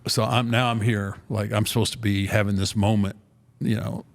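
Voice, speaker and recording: Gravelly low-voiced older man telling a story. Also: moderate pace. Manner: animated retelling, acts out quotes, frequent restarts. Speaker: former wrestler telling a story. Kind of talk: casual storytelling on a podcast.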